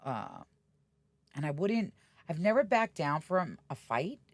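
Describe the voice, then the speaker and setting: A woman's voice: low-pitched, a little slow, dry recording. A middle-aged woman, a podcast guest, telling stories bluntly and acting out the voices of people she quotes. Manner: animated, acts out quoted voices; blunt, swears freely. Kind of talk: casual storytelling interview.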